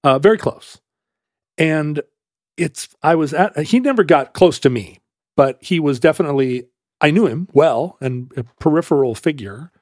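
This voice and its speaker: Hosting a casual talk show, a man tells a long story and animatedly performs the voices of the people in it, as a podcast host. His voice is on the high side at a moderate pace, recorded dry with clean studio sound.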